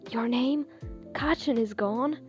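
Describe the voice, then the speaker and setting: A woman voicing a shy, gentle young man, talking softly and jumping to high startled squeaks when flustered. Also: takes it slowly, faint music behind. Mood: hushed tender. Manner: soft, hushed delivery, rising to startled squeaks.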